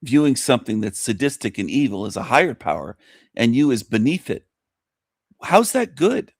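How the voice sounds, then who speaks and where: A man's voice: medium pitch, expressive, brisk, no echo, studio quality. A male radio host delivering a scornful, mocking monologue to his listeners. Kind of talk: ranting monologue commentary.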